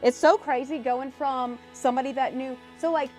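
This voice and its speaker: A woman hosting a casual live stream while opening cards, excitable and emotional, swearing freely. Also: sits high, moderate pace, faint music behind. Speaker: livestream host.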